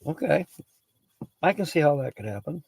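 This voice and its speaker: A man's voice: a little high, sing-song, normal speed, creaky, darkish tone, a little hiss or hum, rough recording. A man hosting a livestream, reading word origins aloud, chatting casually, laughing often and greeting viewers by name. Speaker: livestream host.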